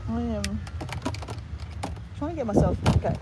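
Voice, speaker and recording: A woman's voice: on the high side, animated, normal speed, heavy background noise. A woman with an Australian accent hosts a casual live stream from a beach on her handheld phone, chatting with viewers by name and laughing often. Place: outdoors at a beach at sunrise.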